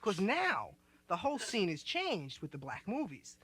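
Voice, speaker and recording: High-voiced, rambling young stand-up comic. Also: male voice, wildly swooping pitch, normal speed, noisy background. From United States. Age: 20s. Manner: loose, rambling hipster slang, laughing as he talks. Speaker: stand-up comedian. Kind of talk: live stand-up comedy.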